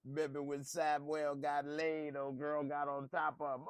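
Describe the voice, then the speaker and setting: A slightly high, monotone male voice moves at a moderate pace with few pauses, sounding smooth and free of room sound. He's a TV reviewer giving casual reaction commentary on an episode, laid-back and joking as he talks back to the screen.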